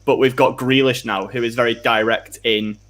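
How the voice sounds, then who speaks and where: A man chats about football on a live fan stream, his pitch sitting in a middle range. He rambles, restarts his sentences and fills the gaps with fillers. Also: fairly even intonation, moderate pace, fairly bright tone.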